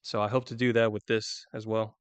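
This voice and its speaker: A man's voice: on the low side, level tone, a little fast, smooth. A man chatting casually and rambling while streaming a video game, talking to his viewers through a desk microphone. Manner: rambling, chatty, self-deprecating. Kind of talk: casual gameplay chat.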